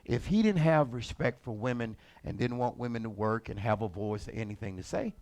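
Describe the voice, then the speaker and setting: A man preaching a sermon as lead pastor, colloquial and animated. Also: medium pitch, a little fast. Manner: animated, colloquial, acts out characters.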